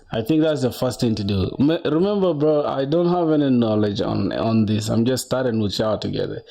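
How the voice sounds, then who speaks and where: A young man talks loosely to his livestream audience while he sets up to code. His voice is warm and dark rather than bright. He rambles, answers chat and drops a lot of "bro". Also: medium pitch. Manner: chatty, rambling, says bro a lot, reads chat aloud. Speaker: coding livestreamer.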